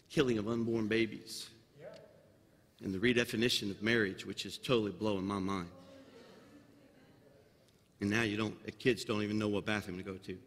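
A man preaching a sermon as senior pastor in a church sanctuary, building to loud, fervent climaxes with folksy asides and a slight Southern drawl. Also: on the low side. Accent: Southern US drawl slipping in. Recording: long hall reverb of a sanctuary.

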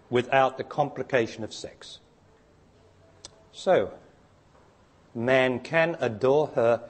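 An older Australian man delivers a spiritual teaching talk, his fairly high voice emphatic and insistent. He pushes it upward to drive his points home.

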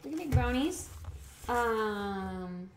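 A woman's voice: a little high, animated, drawn-out words. A young woman streamer chatting casually and rambling while she cooks, with the mic set away from her in a home kitchen. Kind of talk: casual chat. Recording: roomy echo, faint background hiss.

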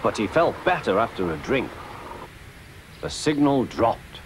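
A man reading a children's story aloud in an expressive storybook manner. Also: medium pitch, a little slow, noisy background. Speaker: narrator. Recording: loud music underneath.

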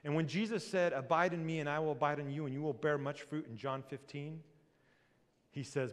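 Lively male pastor preaching in a reverberant hall. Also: on the high side, brisk. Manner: lively preaching, swings between loud and hushed. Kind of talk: sermon. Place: church sanctuary. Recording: long reverb of a church hall.

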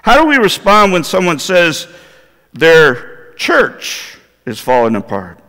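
A man's voice: fairly high pitch, huge pitch swings, takes it slowly, sharp tone. A male pastor preaching a sermon in a church, in a conversational manner that puts questions to the congregation. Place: church sanctuary. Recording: long hall reverb in a church.

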